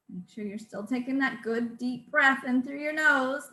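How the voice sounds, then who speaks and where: A woman speech therapist guides a group through voice exercises in a calm, instructive way and counts each repetition aloud. She speaks slowly, and her voice sits high. The sound is echoey, as if from a bare room. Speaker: speech-language pathologist leading voice exercises.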